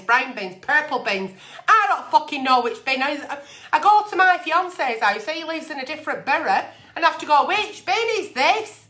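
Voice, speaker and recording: Woman, agony aunt vlog, blunt and sweary, bright forceful voice, slightly high. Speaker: agony aunt answering letters. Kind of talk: candid advice vlog.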